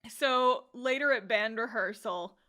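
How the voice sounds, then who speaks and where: A young adult woman hosting a podcast, reviewing anime in casual chat. She is animated, laughs often and swears casually. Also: fairly high pitch, measured pace, smooth. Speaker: podcast host.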